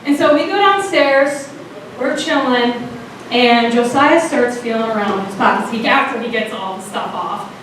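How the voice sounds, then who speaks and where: A young woman telling a funny story on a theater stage, animated and laughing as she acts out her friends. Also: fairly high pitch, normal speed, distant mic, a little hiss or hum. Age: young adult. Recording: very echoey theater from afar.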